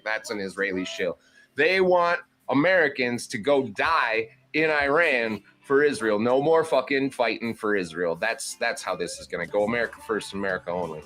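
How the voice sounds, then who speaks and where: A man's voice: mid-range voice, fairly bright tone. A man giving heated, profane political commentary as a panel host, mocking and putting on voices when he quotes people.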